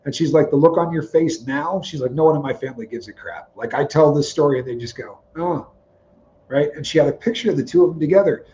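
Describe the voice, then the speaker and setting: Animated storytelling man, lo-fi stream audio. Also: fairly high pitch, a little hiss or hum. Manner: animated, acts out dialogue in quotes. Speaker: co-host of a livestream. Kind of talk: casual storytelling chat.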